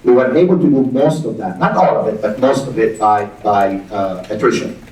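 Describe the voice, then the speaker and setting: A middle-aged man, a university's acting president, speaking at a town hall in a halting way and repeating words as he thinks aloud. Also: lowish voice, darkish tone. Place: large hall with audience. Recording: echoey hall, distant mic.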